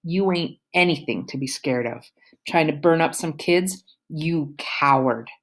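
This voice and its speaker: Woman reading as a protective father, defiant and taunting, low voice, storybook. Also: unhurried. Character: angry grown man, a protective father.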